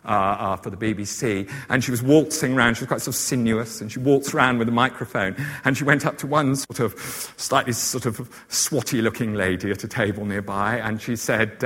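A man's voice: mid-range voice, steady tone, fairly quick, few pauses, fairly bright tone. A man giving a chatty, informal lecture on novels, with many fillers and asides. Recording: long hall reverb.

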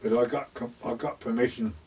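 An older man with a husky voice telling a long, rambling oral-history story in plain rural dialect, full of "he said, I said.". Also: medium pitch, fairly even intonation, a little fast, mellow, slight background noise. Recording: voice far from the mic.

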